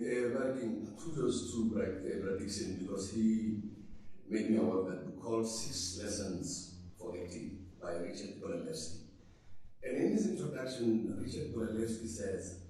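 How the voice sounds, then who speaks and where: A man's voice: mid-range voice, mellow. A man giving a rambling, informal memorial speech in a theater, breaking into sudden emphatic bursts. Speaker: speaker at a memorial service. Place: theater auditorium. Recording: echoey theater hall, mic at a distance.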